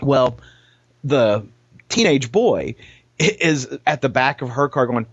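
A man telling stories on a podcast with an animated, expressive delivery. His pitch swings widely as he acts out the people in his anecdotes. The recording is dry and a little dull and lo-fi. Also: slow, pauses often, breathy edge, no room sound. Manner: animated, acts out quoted voices. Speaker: podcast co-host. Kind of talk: casual storytelling chat.

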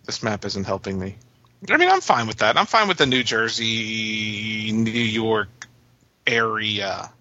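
A man thinks aloud in a casual chat, restarting as he goes. His voice is bright and a little tense. The audio is dry and slightly dull. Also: on the low side, animated, measured pace, no room sound.

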